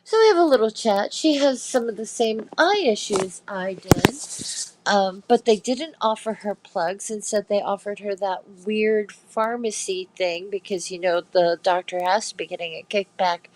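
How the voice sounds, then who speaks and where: A woman's voice: medium pitch, moderate pace, poor audio. A woman hosting a casual chat, telling a story with indignation and swearing. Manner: indignant, swearing, acts out quotes. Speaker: host.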